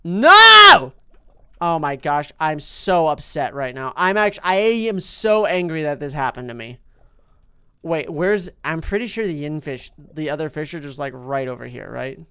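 Man doing a chatty, excitable game host with a smooth, clean voice, swings high and loud when upset. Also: moderate pace. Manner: chatty, excitable, talks to on-screen fish; big jumps in pitch and loudness when upset. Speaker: gaming channel host. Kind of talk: mobile game commentary.

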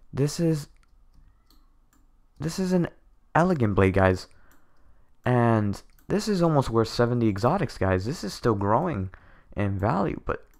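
A young gaming streamer with a mid-range voice gives excited commentary on his gameplay, stammering and thanking his viewers again and again. Keyboard clicks sound close to his microphone.

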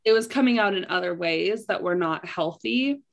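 Candid young woman with vocal fry. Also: on the low side, normal speed, highs cut off. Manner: candid, chatty, fillers like "like". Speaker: podcast co-host. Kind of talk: casual chat.

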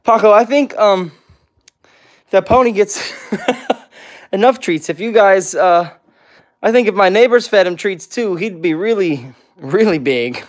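A man's voice: high-pitched, animated, measured pace, pauses often. A man hosting a casual livestream with viewers, answering comments one by one and cooing baby talk at his pets. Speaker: pet vlog host.

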